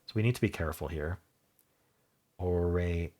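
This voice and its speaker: A man hosting a word-puzzle video, thinking aloud as he solves it, spelling out letters and trailing off softly, with keyboard typing behind him. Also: sits low, moderate pace. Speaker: Wordle video host.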